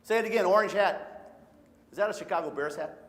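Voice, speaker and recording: A man from Michigan runs a nature talk for a family audience, cracking jokes and getting everyone to repeat words back to him. His voice sits high for a man. The sound carries the long reverb of a large hall. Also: brisk, a bit bright. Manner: playful, call-and-response, sings short songs. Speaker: nature educator. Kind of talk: live audience presentation for families. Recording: echoey hall.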